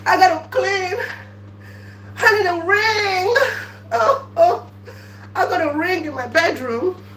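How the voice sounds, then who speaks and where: A woman in a drawn-out, repetitive, mock-wailing comedy riff, half singing her lines. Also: high voice, a bit bright. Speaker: comedic content creator. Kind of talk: improvised sing-song comedy riff. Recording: echoey room, far from mic, faint hum.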